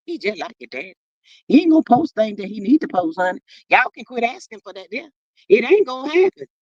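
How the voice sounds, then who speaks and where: A high-voiced woman hosts a casual live stream and reacts to viewer comments. She sounds sassy and animated, and she keeps calling her viewers "child" and "honey." Her pitch swings widely, and the sound is close and dry. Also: no room sound, lo-fi sound. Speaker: livestream host reading chat.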